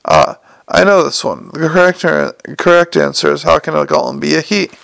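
A quick-witted male con man, sarcastic and increasingly flustered, as a male audiobook narrator plays him. The voice is gravelly and slightly high, heard dry and close. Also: very animated, fairly bright tone, no room sound, full character voice. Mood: exasperated.

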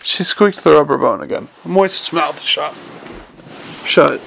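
Very gravelly man reading a novel aloud. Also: fairly high pitch, slow pace, a little hiss or hum. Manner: even storytelling with small slips. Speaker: audiobook reader.

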